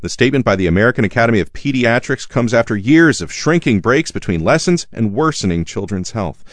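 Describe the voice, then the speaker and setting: A man reading the news headlines with a crisp announcer delivery. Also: mid-range voice, animated, a little fast, dry recording, studio quality. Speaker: newscaster. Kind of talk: newscast.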